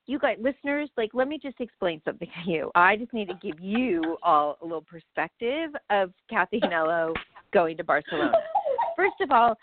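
A woman's voice: mid-range voice, big pitch swings, a little fast, no room sound. A woman co-hosting a podcast, animatedly teasing her friend and talking straight to the listeners. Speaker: podcast co-host. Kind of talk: casual chat. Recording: dry, phone-like sound.

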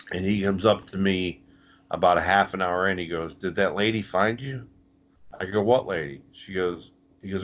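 Blunt, low-voiced man telling a story. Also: a bit bright. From Canada. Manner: blunt, swears, tells stories with quoted voices. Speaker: podcast co-host, former wrestler. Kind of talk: casual storytelling.

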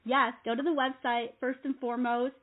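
A woman's voice: high voice, level tone, moderate pace. A woman hosting an interview, asking questions and cheering her guest on. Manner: encouraging, short affirmations. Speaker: show host. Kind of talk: casual interview chat. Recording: tinny phone line.

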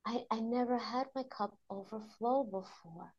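A woman's voice: a little high, measured pace, few pauses, a little mellow, breathy edge, dull audio. A woman guest on a podcast, talking reflectively and emotionally about teaching mindfulness to children, laughing often. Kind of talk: conversational interview.

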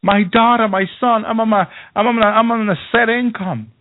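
A man's voice: high voice, fairly even intonation, normal speed, no echo, pitched above the performer's own voice, close to an everyday voice. A man voicing a worried older mother who pleads with her grown children that she lives on a fixed income. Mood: anxious pleading. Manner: anxious, pleading, stammering. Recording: thin phone-like radio sound.

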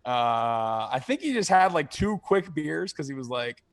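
A man's voice: a little high, big pitch swings, unhurried. A young man co-hosting a podcast, telling stories in casual chat, swearing freely and laughing as he acts out other people's lines. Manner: profane, laughing, acts out quoted voices. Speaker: podcast co-host.

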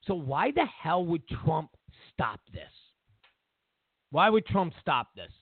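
Animated ranting man, tinny phone-like sound. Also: slow, gravelly, breathy edge, no room sound. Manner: ranting, mocking, acts out quotes in high voices. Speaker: political talk show host. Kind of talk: opinionated political commentary. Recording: tinny narrowband audio.

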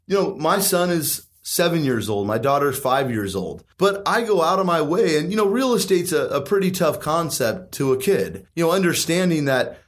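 His pitch swings widely as this man in his thirties, voice on the high side, pushes the merits of investing in real estate during a casual chat. He's emphatic and sure of himself, keeps posing rhetorical questions, and speaks at a moderate pace with few pauses.

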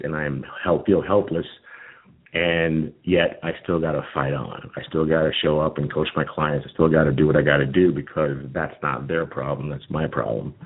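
Very deep-voiced man on a tinny line. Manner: candid, emotional, frequent restarts and swearing. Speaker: podcast host and nutrition coach. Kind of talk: personal storytelling podcast. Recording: tinny phone-line sound.

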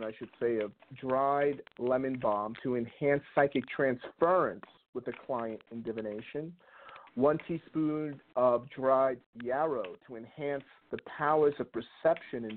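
A man's voice: mid-range voice, a little hiss or hum. A man with a New York accent, a rootworker on a call-in radio show, reading out herbal spell instructions step by step. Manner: reads instructions methodically. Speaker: rootworker giving a spell segment. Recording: phone-line call-in audio.

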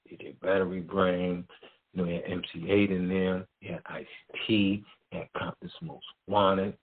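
A man's voice: deep voice, flat delivery, normal speed. A middle-aged man, a music promoter, telling a story as a guest in loose, slangy casual talk. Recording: tinny phone-like line.

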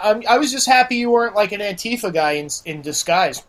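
A man's voice: high voice, quick pace. A man who is a guest on a podcast, telling rambling, profane stories in casual chat. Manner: profane, rambling, animated storyteller.

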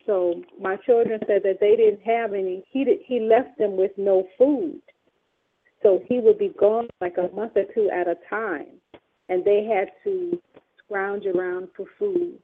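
A woman telling her story as a radio guest, acting out past dialogue with sharp emphatic peaks. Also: mid-range voice, unhurried, a little hiss or hum. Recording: tinny phone line.

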